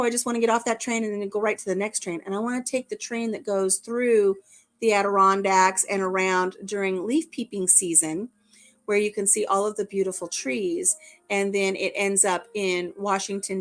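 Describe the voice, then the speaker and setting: A woman's voice: mid-range voice, fairly even intonation, normal speed. A middle-aged woman chatting casually on her live stream. She rambles and jokes, laughing as she goes. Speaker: livestream host. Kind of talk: casual chat.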